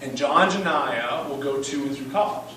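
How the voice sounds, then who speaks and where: A man's voice: mid-range voice, normal speed, sharp tone. A man who is a school principal, telling an emphatic story at a fundraiser and often asking "right?". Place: event room. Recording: echoey room, distant mic, noisy.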